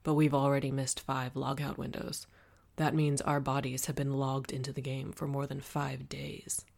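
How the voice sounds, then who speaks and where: Woman reading a grave, low young gentleman. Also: little pitch movement, creaky, exaggerated voice. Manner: measured, grave. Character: young gentleman, calm and serious.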